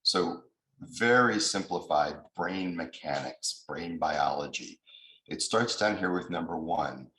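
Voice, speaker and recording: Low-voiced guy teaching a mediation class over zoom, explains things step by step, echoey room. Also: lively intonation, takes it slowly, a bit bright. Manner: explanatory, acts out angry voices. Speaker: mediation trainer. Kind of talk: training lecture over video call. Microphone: video call.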